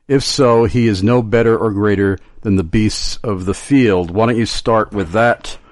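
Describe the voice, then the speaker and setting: A man's voice: lowish voice, measured pace, a little mellow, no echo. A man hosting a radio talk show and reading out listener questions. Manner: reads listener questions aloud, with fillers.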